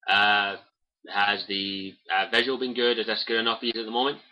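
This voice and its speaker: A man's voice: on the low side, completely flat delivery, normal speed, highs cut off. A young Scottish man chatting casually on a livestream, rambling with lots of fillers and swearing freely, on a cheap desk mic at home. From Scotland. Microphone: cheap desk mic by keyboard.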